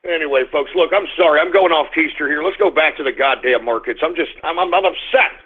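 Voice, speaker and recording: A man's voice: on the high side, fast talker, husky. A man hosting a radio show, ranting angrily and profanely between blunt market reports. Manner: angry, profane ranting with abrupt swings into shouting. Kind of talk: ranting talk radio monologue. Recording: narrow phone-line sound.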